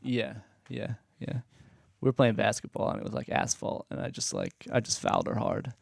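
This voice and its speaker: A man's voice: on the low side, huge pitch swings, moderate pace, creaky, breathy edge, dry recording, studio quality. A young man co-hosting a podcast in casual chat, slangy and swearing, saying "dude" and "like" a lot. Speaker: podcast co-host.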